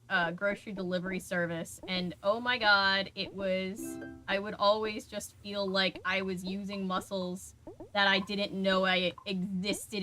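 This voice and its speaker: A young woman streaming a video game, talking in a loose, chatty way to her viewers and now and then scolding the game. Her voice is bright and forward at a medium pitch. Soft music plays faintly behind her. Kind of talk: casual gameplay commentary.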